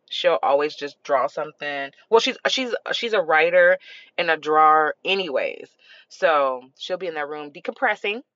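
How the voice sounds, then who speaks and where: A middle-aged woman hosting a parenting podcast, telling stories in a casual, animated way with frequent laughter. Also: low voice, no echo, lo-fi sound. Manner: animated, expressive, laughs often. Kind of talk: casual storytelling.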